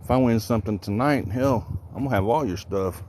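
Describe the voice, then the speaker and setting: This man's brisk, medium-pitched voice carries over outdoor background noise as he live-streams fishing from the water's edge. He chats and jokes with his viewers, a bit out of breath.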